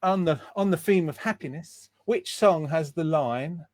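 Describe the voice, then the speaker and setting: A man's voice: a little high, measured pace, no echo, studio quality. A man hosting a live online show, chatting with guests and reading out viewer greetings in an upbeat way. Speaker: host.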